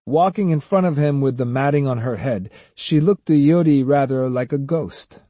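A man narrating an audiobook in a measured storytelling manner. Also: mid-range voice, warm tone, no echo. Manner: measured storytelling, many voices. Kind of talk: scripted narration.

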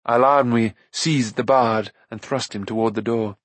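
A man narrating a fantasy novel aloud with an even storytelling delivery. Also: on the low side, normal speed, few pauses, no echo. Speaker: audiobook narrator. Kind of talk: scripted narration.

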